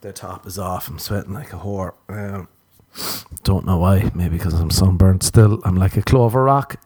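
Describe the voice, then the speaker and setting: A man's voice: low voice, normal speed, mellow, breathy edge. A man riffing through a rambling comedic monologue, swearing freely, mocking himself and breaking into laughs. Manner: profane, self-mocking, laughs often; loose storytelling with asides.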